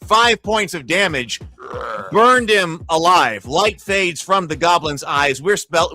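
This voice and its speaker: Male GM calling a live tabletop fight, high, bright and eager, faint music underneath. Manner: excitable, cheers and pleads over dice results. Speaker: game master and streamer. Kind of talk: live play-by-play of a tabletop arena battle.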